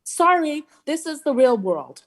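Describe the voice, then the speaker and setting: Frustrated, blunt, high-voiced woman. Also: big pitch swings, unhurried. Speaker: public commenter. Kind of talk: public comment at a city meeting.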